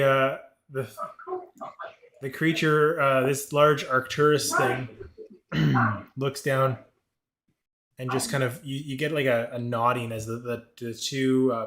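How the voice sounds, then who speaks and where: Halting game master in an echoey room. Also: male voice, medium pitch, fairly even intonation, a bit bright. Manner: halting, many fillers and restarts. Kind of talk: narrating a tabletop game.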